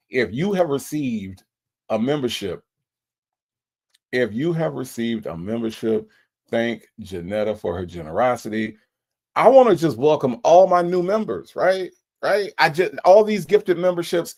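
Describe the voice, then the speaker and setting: A man's voice: medium pitch, vocal fry, a little mellow. A man hosting a livestream, thanking viewers over and over in an emotional, repetitive, casual way. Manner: emotional, repeats himself, laughs, drawls. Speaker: livestream host.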